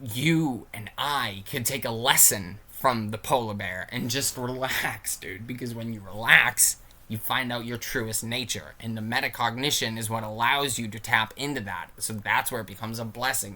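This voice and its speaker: A man vlogging a casual philosophy rant to his viewers, animated and profane, with emphatic bursts. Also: medium pitch, normal speed.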